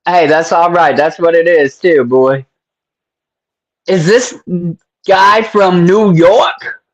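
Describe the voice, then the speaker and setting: A man's voice: on the high side, slow, dull audio. A man hosting a casual interview, chatty and friendly, laughing often and using lots of slang. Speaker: interview host.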